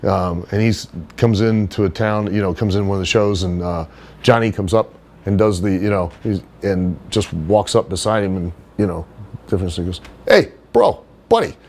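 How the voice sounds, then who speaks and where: A middle-aged man with a lowish voice tells stories in a relaxed interview. He is animated and chatty, now and then doing voices of other people. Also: normal speed. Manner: animated storyteller, does high put-on voices for others. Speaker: wrestler being interviewed. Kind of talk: casual storytelling interview.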